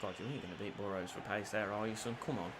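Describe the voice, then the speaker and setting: A young man giving crude, cheeky commentary over a football video game, swinging from low mutters to shouted goals. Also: fairly even intonation, quick pace, noisy background. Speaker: gaming YouTuber. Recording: faint music behind.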